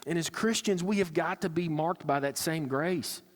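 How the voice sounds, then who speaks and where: A man's voice: fairly high pitch, moderate pace. A male pastor preaching a sermon, earnest and conversational, slipping into acted-out asides. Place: church sanctuary. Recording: church hall with long reverb.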